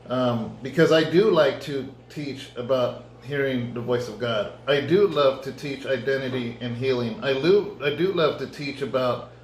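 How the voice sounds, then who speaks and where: A man, a pastor, giving a conversational sermon testimony and acting out his own dialogue in lively storytelling. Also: mid-range voice, moderate pace, few pauses, a little hiss or hum. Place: church. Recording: echoey room.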